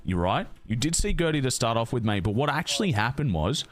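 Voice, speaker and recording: A man's voice: medium pitch, sing-song, fairly quick, lightly acted. A man with an exaggerated Australian accent, playing a blustering storyteller in a role-play game who says mate constantly. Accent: overdone Australian. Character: bloke spinning a tall tale in a crime role-play.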